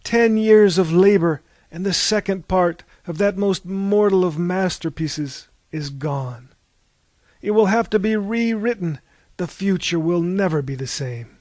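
A man's voice: fairly high pitch, animated, normal speed, darkish tone, no room sound, lightly acted. A man voicing a formal, dramatic author and film director in an audiobook. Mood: despairing. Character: proud, emotional male author and film director.

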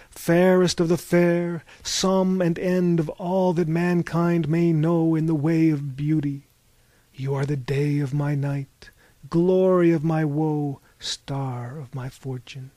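An eager, dreamy romantic, as a male narrator puts him on, bursting with excitement and slipping into grand, old-fashioned declamation. The voice runs a bit high and sits dry and close to the mic. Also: dry recording. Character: dreamy, romantic traveler quoting chivalric verse.

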